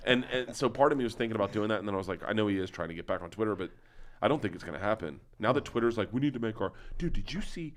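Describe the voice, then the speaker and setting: A man's voice: lowish voice, lively intonation, rapid-fire. A man chatting casually as a comedian guest, telling rambling stories with lots of restarts and quoted asides. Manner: rambling storyteller, frequent restarts and acted-out quotes. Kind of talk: casual chat.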